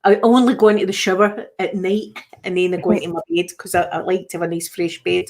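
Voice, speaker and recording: A woman's voice: on the low side, flat delivery, fast, a loud crowd. A middle-aged Scottish woman hosting a casual live chat. She tells everyday stories and acts out the voices of the people in them. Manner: chatty storyteller who acts out the voices in her stories. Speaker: channel host.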